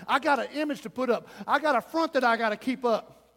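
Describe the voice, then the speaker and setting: A preacher playing a proud, stubborn sinner. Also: male voice, extremely high pitch, fairly quick, fairly bright tone, long reverb tail. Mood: defiant. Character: proud stubborn man refusing the altar.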